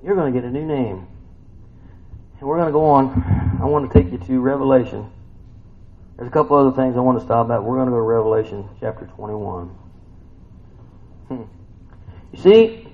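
A man in his fifties preaching a sermon in a folksy, conversational way, tossing in rhetorical questions and swinging from loud, high bursts to quiet, low reading. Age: 50s. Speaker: pastor. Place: church sanctuary. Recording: dull, lo-fi church recording with faint ambience.

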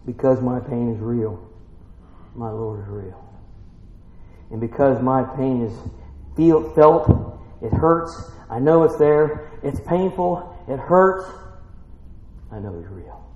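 A man preaching a sermon, swinging between quiet scripture reading and shouted excitement, calling out questions to his congregation. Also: mid-range voice, creaky, roomy sound, long reverb tail, dull audio.

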